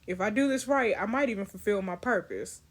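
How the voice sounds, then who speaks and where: A woman's voice: mid-range voice, fairly quick, close to an everyday voice. Woman reading as a solemn scarred young woman. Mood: somber.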